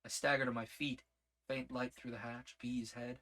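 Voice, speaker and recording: An audiobook narrator, male, reads a first-person story in a measured, steady voice that sits in the mid range.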